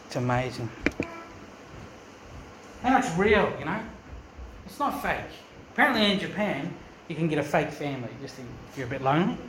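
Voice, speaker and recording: A man's voice: a little high, very animated, normal speed, pauses often, reverberant, background noise. A man preaching a sermon as pastor, earnest and emphatic, often asking the congregation questions. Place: church.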